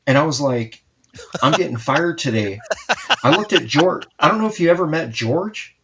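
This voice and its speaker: A man in his forties, a comic artist hosting a live art stream, telling animated, profane stories in casual chat. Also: a little high, a little fast, highs cut off, a crowd in the background.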